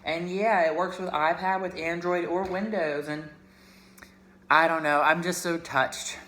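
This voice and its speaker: A man's voice: a little high, steady tone, measured pace, bright, forceful tone. A chatty, emotional man from Pittsburgh, talking casually in a vlog and mixing in Spanish words. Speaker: vlogger.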